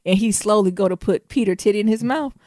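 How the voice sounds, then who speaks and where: A woman co-hosting a podcast, telling a story in a casual, animated way and breaking into laughter. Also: mid-range voice, quick pace, no echo, studio quality. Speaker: podcast co-host.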